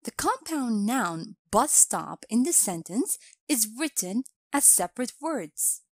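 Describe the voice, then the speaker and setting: A woman reads a scripted grammar lesson at a slow, careful pace. Her pitch sits a little high and moves up and down a lot. The recording is dry and close. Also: very animated, no room sound. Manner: slow, clear instructional delivery. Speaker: English teacher.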